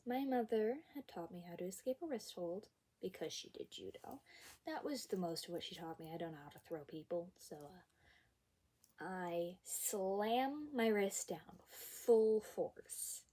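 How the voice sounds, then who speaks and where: A young woman recounting a personal story for her vlog, with a fairly low, mellow voice. She tells it expressively and with emphasis, dropping into whispered asides now and then. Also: normal speed, breathy edge.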